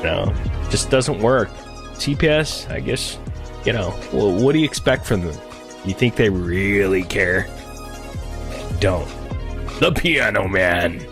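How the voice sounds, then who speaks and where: A man's voice: on the low side, lively intonation, slow, long pauses, over music. A man chatting crudely and tauntingly on a livestream. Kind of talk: casual livestream chat.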